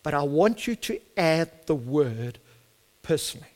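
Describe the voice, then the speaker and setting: A middle-aged South African man preaches with fervour, his voice sitting a little high for a man and swelling to emphatic peaks. His first language is Afrikaans, and the accent comes through clearly. The sound rings with a long hall reverb. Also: expressive, moderate pace, darkish tone. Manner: fervent, building to emphatic climaxes. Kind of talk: sermon.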